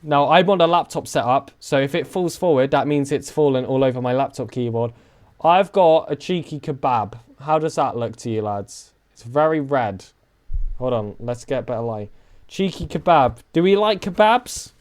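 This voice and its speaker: A young man from the south of England with a southern English accent, chatting casually with his live-stream viewers and joking around. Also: normal speed. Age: young adult. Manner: chatty and joking, with lively swings in pitch.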